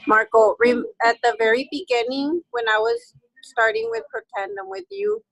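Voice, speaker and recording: A woman chatting casually with her trainer, chatty and quick to agree. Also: high voice, big pitch swings, a bit bright, low-quality recording. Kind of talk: casual chat.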